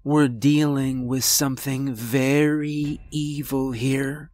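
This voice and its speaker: A man's voice: medium pitch, level tone, slow, darkish tone, no room sound, close to an everyday voice. A man voicing a worried, fiercely protective old grandmother in a horror story reading, urgent in tone.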